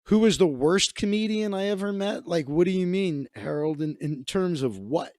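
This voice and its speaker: A man's voice: high voice, expressive, normal speed, darkish tone, no echo, clean studio sound. A comedian hosting a livestream, a man telling stories in casual, rambling, profane chat with many restarts.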